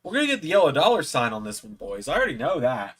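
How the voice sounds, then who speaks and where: A man's voice: mid-range voice, huge pitch swings, fast talker, fairly bright tone, slightly rough. A tipsy man hosting a live watch-along stream, rambling and swearing a lot as he comments. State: tipsy from drinking. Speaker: stream host.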